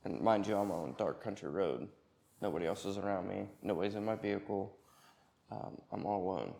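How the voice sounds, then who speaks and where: Guy telling his story, gravelly voice, lots of ums, halting. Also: sits low, warm tone. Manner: plain, halting storytelling with many fillers. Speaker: employee sharing personal story. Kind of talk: personal testimony.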